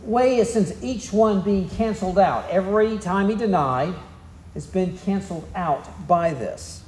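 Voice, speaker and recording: Southern pastor, folksy storyteller, pretty high voice, roomy echo all around. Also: male voice, measured pace, a little mellow. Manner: folksy storytelling, drawling asides. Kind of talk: sermon.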